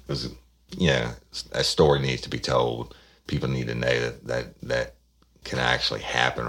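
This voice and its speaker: A man's voice: extremely low pitch, fairly bright tone. A man hosting a podcast, talking casually in a rambling, folksy way to his listeners. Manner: rambling, folksy, many restarts. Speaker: podcast host. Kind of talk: casual chat.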